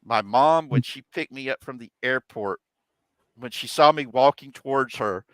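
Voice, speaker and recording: Middle-aged guy hosting, chatty stories, bright sharp voice, dry close sound. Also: mid-range voice, moderate pace, dry recording, rough recording. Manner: animated, quotes others' voices. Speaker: host. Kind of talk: casual storytelling chat.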